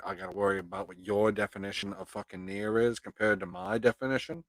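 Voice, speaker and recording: Here a man with a lowish, steady voice talks fast, barely pausing, as he hosts a live stream and reads his viewers' comments. His casual chatter is heavy with swearing and drifts into rambling rants. The sound is dry and low quality.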